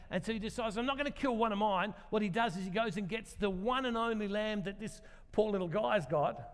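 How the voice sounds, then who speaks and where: A man preaching a sermon, retelling a story in a relaxed, conversational way and reading scripture passages aloud. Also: high-pitched. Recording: long reverb of a large hall.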